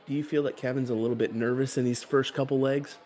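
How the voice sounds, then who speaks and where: A man co-commentating a darts stream in a relaxed, conversational way. His voice sits mid-range in pitch, and he laughs often as he chats with his partner and the viewers. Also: fast talker, some chatter behind. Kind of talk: casual play-by-play commentary.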